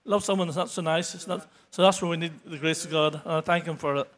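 Man, 60s, testimony at church, earnest and stumbling, higher voice. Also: fairly even intonation, fairly bright tone. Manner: halting, many restarts and fillers; earnest, grows emotional toward the end. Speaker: church member giving testimony. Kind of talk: unscripted testimony.

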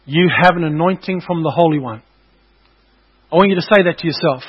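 A man with a notably high voice preaches to his congregation, hammering his points home through repetition. He speaks as a pastor in a church service. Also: fairly quick, husky, muffled recording. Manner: emphatic, repetitive exhortation to the congregation. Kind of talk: sermon.

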